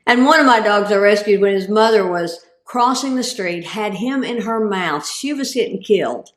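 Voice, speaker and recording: A woman's voice: medium pitch, lively intonation, moderate pace, hardly any pauses, reverberant. A woman giving a humorous, self-deprecating talk as a guest speaker and cancer survivor. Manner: comic, self-deprecating delivery.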